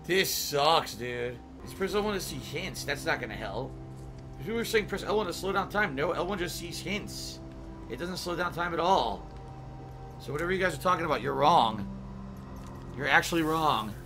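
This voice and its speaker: A man streaming a game and commenting out loud, swearing, yelping and shouting, with sing-song asides. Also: a little high, expressive, moderate pace, music in the background. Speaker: gaming streamer.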